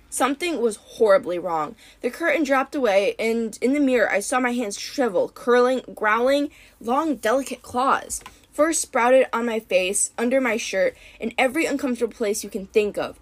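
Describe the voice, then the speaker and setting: Expressive woman reading a storybook. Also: fairly high pitch. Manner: expressive, dramatic. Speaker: audiobook narrator. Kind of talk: first-person storybook narration.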